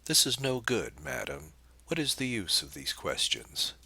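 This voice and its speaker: A man's voice: medium pitch, huge pitch swings, a little slow, gravelly, pushed and bright, breathy edge, no room sound, pitched above the performer's own voice, full character voice. A man reading the part of a young priest who answers steadily and earnestly.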